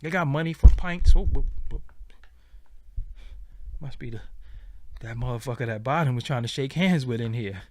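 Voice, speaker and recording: A man's voice: medium pitch, brisk. A man hosting his own show, talking blunt and profane in a casual commentary monologue. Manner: blunt, profane, animated storytelling. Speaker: show host.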